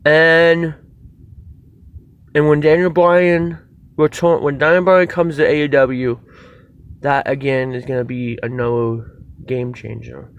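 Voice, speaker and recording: A man reviewing a wrestling show in a casual video, excitable and rambling, swearing freely as he goes. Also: fairly high pitch, takes it slowly, pauses often, narrow, tinny audio.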